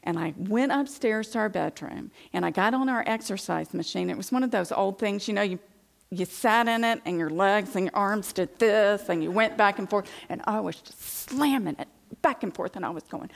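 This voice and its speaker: A woman's voice: mid-range voice, normal speed, vocal fry. A middle-aged woman giving a Christian testimony talk to women, telling her story with animation and acting out her past indignation. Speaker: Christian speaker addressing women.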